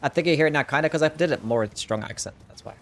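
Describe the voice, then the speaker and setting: A man's voice: a little high, racing, creaky, slight background noise. A young Australian man with an Australian accent, giving casual gameplay commentary, laid-back and swearing freely as he answers chat. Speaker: game streamer.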